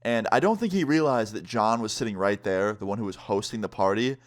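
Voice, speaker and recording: A man's voice: lowish voice, expressive, fairly quick. A young man telling a casual storytime as a vlogger, chatty, full of fillers, acting out what others said. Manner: acts out quotes of others.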